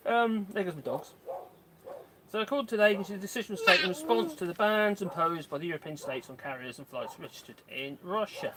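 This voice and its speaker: A man, live-streaming casual chat from his garden, rambling with asides to his dogs and viewers, recorded outdoors on a phone on a tripod. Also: high voice. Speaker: channel host. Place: outdoor garden, kneeling in mud.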